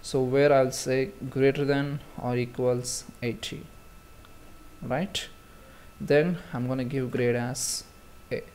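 A man explains programming steps in a relaxed, conversational way, filling pauses and restarting sentences as he works through the code on screen. His voice sits at an ordinary middle pitch, recorded close on a desktop mic. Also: clean tone. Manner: casual, talks through steps with many fillers and restarts. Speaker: programming tutor. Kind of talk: screen-recorded coding tutorial.

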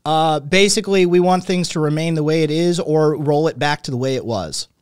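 A man's voice: on the high side, fairly quick, clear, resonant tone, dry recording, clean studio sound. A man in his late thirties hosting an interview, talking at length in a loose, wordy way with many fillers and restarts. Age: late 30s. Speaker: podcast host. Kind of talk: conversational interview.

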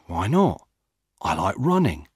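A man's voice: sits low, huge pitch swings, takes it slowly, darkish tone, breathy edge, no room sound, studio quality, full character voice. A man voicing a young male jogger who is questioned by police and stays defensive.

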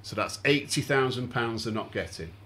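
A man's voice: medium pitch, moderate pace, a little hiss or hum. A man hosting a fan podcast, walking through events step by step and putting questions to his guests. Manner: steady explanatory recounting with questions to guests. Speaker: podcast host. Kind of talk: casual podcast chat.

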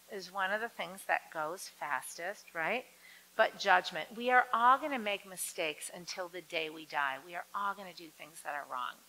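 A woman lecturing an audience on dementia care, lively and acting out quoted voices. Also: rough recording. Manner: lively, acts out quoted voices with big swings in pitch.

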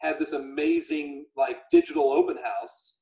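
A man hosting a casual livestream chat, animated and retelling stories in quoted voices. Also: very high voice, normal speed, gravelly. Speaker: livestream host. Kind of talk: casual video call chat. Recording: echoey room, dull lo-fi audio.

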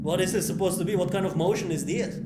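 A young man streaming a horror game, reacting excitably, swearing often and shouting when startled. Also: sits high, fast talker, heavy background noise.

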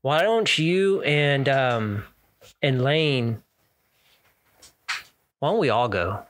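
A man's voice: mid-range voice, lively intonation, drawn-out words, fairly bright tone, slight background noise. A man at a tabletop game voices his character in a plain mid-range voice. He mixes in-character lines with casual table talk. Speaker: player. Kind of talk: tabletop role-play in character.

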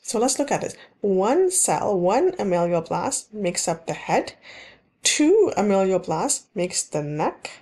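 A woman's voice: medium pitch, big pitch swings, takes it slowly, a little mellow, breathy edge. A woman teaching dental hygiene in a recorded slide lecture, explaining in plain terms and repeating key points, with frequent ums and restarts.

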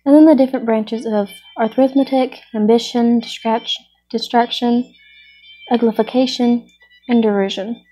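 A woman's voice: a little high, steady tone, normal speed, warm tone, natural voice. A woman voicing a weepy, self-pitying male Mock Turtle in a storybook reading, with a sighing, mournful, fussy way of talking. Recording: muffled lo-fi recording.

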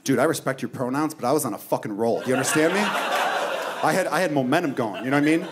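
A man's voice: mid-range voice, quick pace, background noise. A male stand-up comedian from the United States telling a profane story on stage, with asides to the audience. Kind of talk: stand-up routine.

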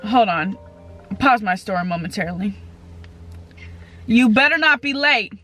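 A woman's voice: mid-range voice, lively intonation, unhurried, bright, forceful tone, soft background music. A woman in her twenties chatting casually as a vlogger, full of fillers and swearing freely, talking into a handheld camera. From California. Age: 20s. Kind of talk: casual vlog chat.

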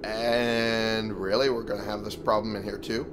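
A man's voice: fairly low pitch, level tone, moderate pace. A man giving casual, grumbling gameplay commentary, sleepy and yawning now and then, swearing at the game. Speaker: let's play gamer. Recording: clear background noise.

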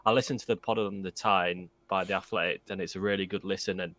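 Low-voiced easygoing man on a panel. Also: steady tone, quick pace, a bit bright, dry recording. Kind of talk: casual live-stream chat.

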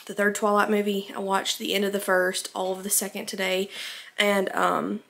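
A woman's voice: medium pitch, little pitch movement, normal speed, creaky, a bit bright. A young woman from Alabama, chatting casually in a rambling home vlog, a little out of breath. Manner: rambling, filler-heavy, chatty. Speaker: vlogger.

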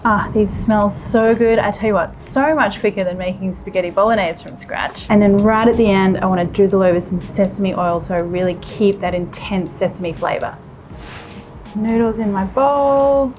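A woman's voice: mid-range voice, normal speed, darkish tone, soft background music. A woman hosting a cooking show, chatty and enthusiastic, talking straight to her viewers as she cooks in a kitchen, laughing easily. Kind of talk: cooking demonstration.

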